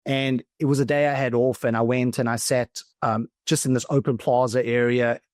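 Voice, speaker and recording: A man from South Africa, a philosophical coach, talking as a podcast guest in a thoughtful, reflective way that often slows down and stretches words. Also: medium pitch, flat delivery, darkish tone, no echo, studio quality. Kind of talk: reflective conversational talk.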